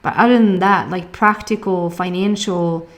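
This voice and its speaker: A woman's voice: fairly low pitch, steady tone, moderate pace. A woman with a Swedish accent giving a casual tarot reading, chatty, laughing often and searching for words. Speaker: tarot reader.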